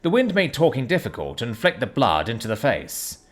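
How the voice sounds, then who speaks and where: A man giving a dramatic, expressive scripted narration of an audiobook. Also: medium pitch, moderate pace.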